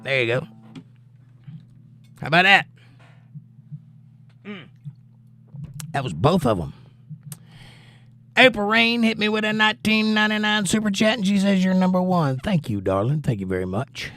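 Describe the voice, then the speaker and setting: A man's voice: high-pitched, expressive, normal speed, long pauses, sharp tone, dry recording, soft background music. A male livestream host and musician, reading out viewer comments and answering them in a casual, laid-back way.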